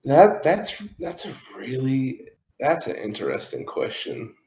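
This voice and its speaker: A young man talks slowly and thoughtfully in a casual chat, restarting his sentences as he works through an idea. His voice carries a roomy echo. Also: medium pitch, huge pitch swings, a little mellow.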